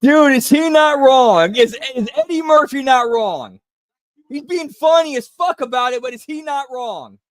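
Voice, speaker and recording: A man's voice: very high voice, animated, a little slow, fairly bright tone, no room sound, studio quality. A man hosting a watch-along stream, reacting to a clip with blunt, profane casual commentary.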